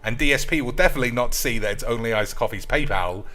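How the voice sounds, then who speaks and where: Crude, excitable man. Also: mid-range voice, quick pace, faint music behind. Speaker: streamer. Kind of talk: card game stream commentary.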